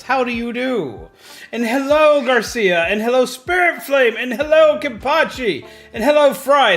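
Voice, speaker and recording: A high, bright male voice chatting casually as a livestream host. He is chatty and excitable and repeats himself often. Faint background music plays under him.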